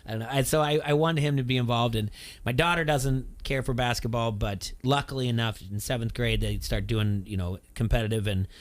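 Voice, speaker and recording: A man's voice: medium pitch, fairly quick. A middle-aged man from Iowa hosting a radio sports talk show, telling long rambling stories and acting out the voices of people he quotes. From Iowa, USA. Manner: rambling, animated storyteller who acts out quoted voices.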